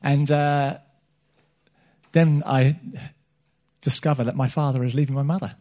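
A middle-aged preacher addresses a church meeting with a warm, steady, mid-range voice, taking his time. Earnest in tone, he often repeats himself and backs up to restart phrases.

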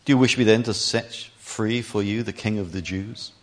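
A man's voice: on the low side, moderate pace, close to an everyday voice. A man reading as Pilate, a stern Roman governor. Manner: questioning, pressing.

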